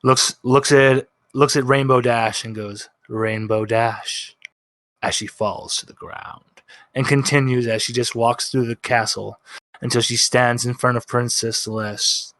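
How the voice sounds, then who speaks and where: Slow, dramatic game master man. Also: medium pitch, steady tone, fairly bright tone, dry recording, clean studio sound. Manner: slow, dramatic storytelling with voiced quotes. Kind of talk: narrating a tabletop game.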